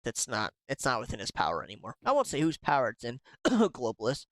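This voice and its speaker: A man's voice: mid-range voice, huge pitch swings, brisk, no room sound. A man from Florida co-hosting a podcast, bantering loosely and swearing as he jokes. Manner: loose, profane, joking. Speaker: podcast co-host. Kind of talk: casual banter.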